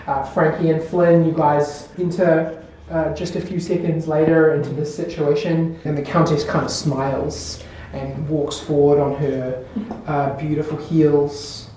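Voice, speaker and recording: A woman's voice: low-pitched, level tone, a little slow, warm tone. Woman game master in an echoey room. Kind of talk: narrating a tabletop game. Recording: distant echoey room, faint noise.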